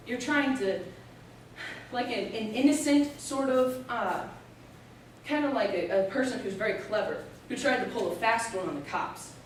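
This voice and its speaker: A woman's voice: on the high side, distant mic, a little hiss or hum. Young woman in an echoey room. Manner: explanatory, steady, with occasional filler pauses. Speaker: student presenter. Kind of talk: informative speech.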